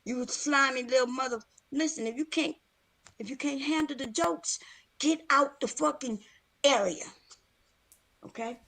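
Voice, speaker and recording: A woman's voice: high-pitched, measured pace, long pauses, fairly bright tone. A woman guest on a livestream, talking brashly and teasingly with lots of cursing, a bit out of breath. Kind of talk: casual livestream chat.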